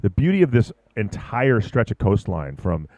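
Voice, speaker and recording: Excitable surf commentator guy, lowish voice, dry booth mic, chatty and rambling. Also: normal speed, no echo, dull audio. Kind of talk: live sports commentary.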